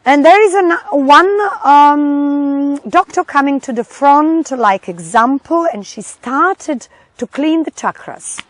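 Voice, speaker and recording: A middle-aged woman, a doctor, recounting a personal experience in halting English, often searching for words. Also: high voice, expressive, dry recording, rough recording. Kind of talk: personal testimony.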